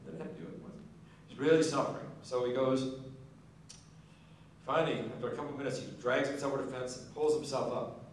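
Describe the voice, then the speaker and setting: A man's voice: medium pitch, fairly even intonation, brisk, far from the mic, a little hiss or hum. Man telling a joke in an echoey hall. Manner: folksy joke-telling, acts out characters. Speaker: after-dinner speaker. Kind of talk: storytelling speech. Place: large banquet hall.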